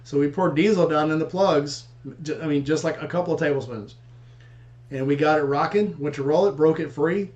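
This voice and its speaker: A man who fixes motorcycles as a hobby rattles off his stories at a quick clip in a casual chat, voicing each person's lines as he goes. His voice sits a touch high for a man. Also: a little mellow, lo-fi sound. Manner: rapid storyteller acting out dialogue.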